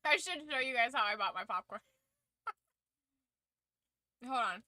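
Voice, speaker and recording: A woman's voice: on the high side, animated, unhurried, sharp tone, dry recording. A woman streamer chatting casually to her viewers, laughing often and swearing freely. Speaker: streamer hosting a watch-along. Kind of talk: casual chat.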